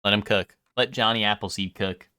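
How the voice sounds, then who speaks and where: A young male streamer talks to his chat in a bright, crisp voice, rambling and swearing as he goes. The sound is dry and close. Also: lowish voice, steady tone, brisk, dry recording. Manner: rambling, swears a lot, full of ums. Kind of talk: casual live-stream chat.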